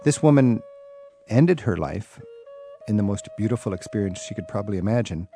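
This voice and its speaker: A man hosting a radio travel show, animated and enthusiastic as he interviews a guest. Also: fairly low pitch, moderate pace, soft background music.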